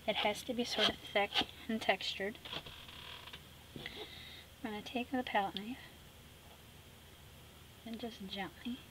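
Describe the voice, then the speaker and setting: Over a noisy background, a middle-aged woman with a medium-pitched voice hosts an art tutorial. She's chatty and teasing, narrating as she paints and slipping into soft, whispered asides.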